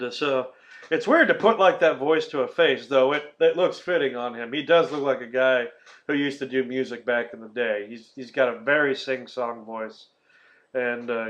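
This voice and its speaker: A man in a casual movie podcast chat, his medium-pitched voice wandering through the plot with filler words and the odd curse. The audio is dull and lo-fi, like a home podcast setup. He laughs easily and keeps things loose. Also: fairly bright tone. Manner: rambling, swears, laughs often, many fillers. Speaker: podcast host.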